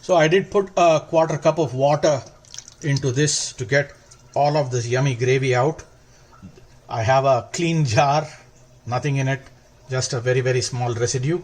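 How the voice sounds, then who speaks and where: A man hosting a cooking demonstration, explaining each step calmly and stretching words for emphasis. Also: medium pitch, moderate pace. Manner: calm, step-by-step instructional. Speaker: cooking channel host.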